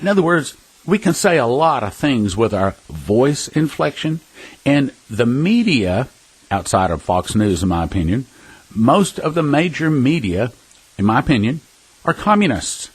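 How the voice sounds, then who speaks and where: Husky-voiced earnest preaching man. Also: medium pitch, very animated, measured pace, no echo, poor audio. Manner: earnest, emphatic, with scattered restarts and chuckles; addresses listeners as brothers and sisters. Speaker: prophecy ministry speaker. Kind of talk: preaching talk with personal storytelling.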